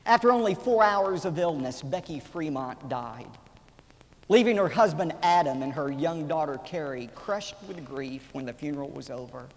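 A man in his forties delivers a pastor's sermon as dramatic storytelling. His voice is slightly high, with a gravelly edge, and it swells loud before dropping to a whisper. It rings through a reverberant hall over faint background noise. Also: expressive, normal speed. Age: 40s.

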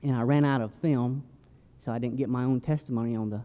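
A man of middling pitch tells his testimony in a measured, reflective way. The recording is dull and echoes with a long hall reverb. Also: steady tone. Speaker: church member giving mission testimony. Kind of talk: testimony in church. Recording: muffled church hall recording.

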